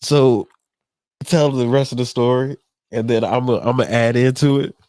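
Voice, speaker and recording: A man's voice: medium pitch, steady tone, moderate pace, darkish tone, no echo. A man co-hosting a podcast in casual chat, laughing often and chiming in with short reactions. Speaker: podcast co-host.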